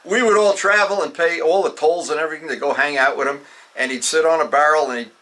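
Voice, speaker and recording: A man in his seventies, a model aviation storyteller, rambles casually through his tales and often restarts his sentences. His voice is on the high side, fast, pushed and bright, and he sounds far from the mic.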